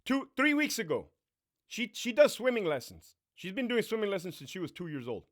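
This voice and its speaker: Man, casual storytime rant, swearing, lively pitch, slightly high voice. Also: fairly quick. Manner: profane, animated, swings between loud bursts and low mutters. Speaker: vlogger telling a story.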